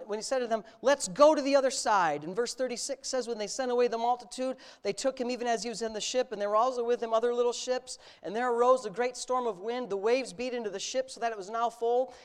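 A man's voice: very high voice, smooth. Bold storytelling preacher man. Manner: storytelling, bold and exhorting, rising to loud emphasis. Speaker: pastor. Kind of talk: sermon.

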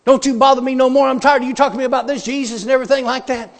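A furious hardened male convict, pitched high and snapping out fast, loud, hostile lines, as a man preacher acts him out. The voice rings out in a long, echoing hall reverb. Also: animated, vocal fry, exaggerated voice. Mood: angry. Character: angry hardened male prison inmate.

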